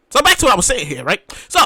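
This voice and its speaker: A tipsy podcast host ranting loudly in a casual, excitable way, often shouting and restarting sentences. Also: mid-range voice, husky, no echo. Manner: rambling with many restarts.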